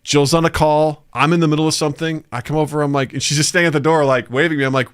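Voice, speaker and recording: Bright-voiced man telling animated stories. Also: on the high side, fast, dry recording, studio quality. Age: 40s. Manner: animated storyteller who acts out quotes loudly and laughs often. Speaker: podcast co-host. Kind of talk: casual chat, storytelling.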